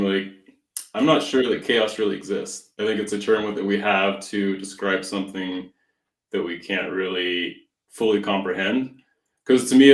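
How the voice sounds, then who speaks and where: A man's voice: lowish voice, distant mic. A man co-hosting a podcast, talking casually and thoughtfully as he picks apart ideas. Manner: thoughtful, philosophical, challenging ideas. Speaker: podcast co-host. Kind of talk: casual chat. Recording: echoey room, off-mic.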